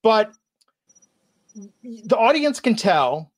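Casting: male podcast host, high voice, sarcastic, mocking commentary. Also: big pitch swings, drawn-out words. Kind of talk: casual chat.

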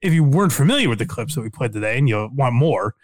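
A man hosting a podcast, chatting casually about comedy clips, excited and laughing, loose with fillers and swearing. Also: medium pitch, fast, dry recording, clean studio sound. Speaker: podcast host. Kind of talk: casual chat reacting to clips.

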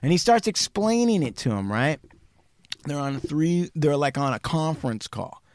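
A man hosting a podcast, telling a true crime story casually and acting out the quotes with sudden jumps in pitch and some swearing. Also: sing-song, normal speed, a little mellow, dry recording, studio quality. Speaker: podcast host.

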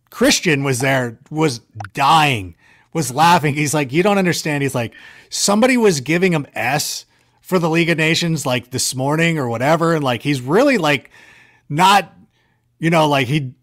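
A man chatting casually, spinning rambling, self-mocking stories. His voice sits a little high and jumps up whenever he acts out a line, then drops low when he trails off. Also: fairly bright tone. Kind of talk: casual storytelling chat.

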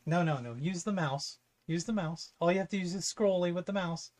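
High-voiced, laid-back co-host man. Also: fairly quick, darkish tone. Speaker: podcast co-host. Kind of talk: casual comedic chat.

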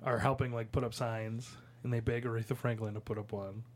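A man's voice: mid-range voice, little pitch movement, brisk. A young man from the Midwest with a Chicago accent, co-hosting a casual movie chat, swearing freely and laughing often. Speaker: podcast co-host.

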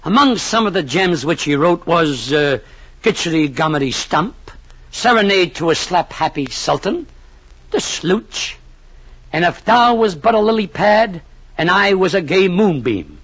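A man's voice: high voice, expressive, measured pace, fairly bright tone, breathy edge, dry recording. A man narrating a 1940s radio comedy in a mock-pompous, long-winded way, full of grand phrasing. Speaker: comic narrator. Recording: dull old radio recording.

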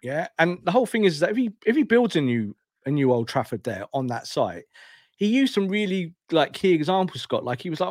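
A man co-hosting a football podcast, talking in a rambling, animated way and often breaking into laughter as he retells things. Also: fairly high pitch, fast talker, no echo, clean studio sound. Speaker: podcast co-host. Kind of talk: casual football chat.

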